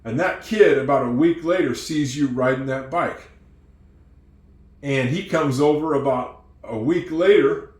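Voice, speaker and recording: Animated man telling a story in an echoey room. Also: medium pitch, a little slow. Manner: animated storyteller acting out characters. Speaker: English teacher. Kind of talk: storytelling lesson.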